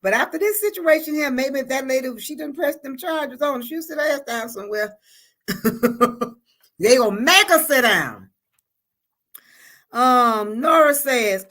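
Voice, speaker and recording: Laughing, lively woman livestreaming. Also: high voice, measured pace, long pauses. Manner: laughs often, calls viewers honey and baby. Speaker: livestream host reading viewer comments. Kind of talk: casual livestream chat.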